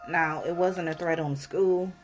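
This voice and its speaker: A co-host speaking in a relaxed, casual chat and telling stories in an easygoing way. The voice is of middling pitch. Soft music plays faintly behind. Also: moderate pace. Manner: laid-back, relaxed storytelling.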